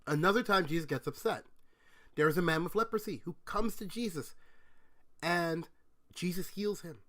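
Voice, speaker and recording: A man's voice: a little high, normal speed, pushed and bright. A man teaching a conversational Bible lesson, retelling stories and explaining them step by step with rhetorical questions. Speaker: Bible speaker answering questions.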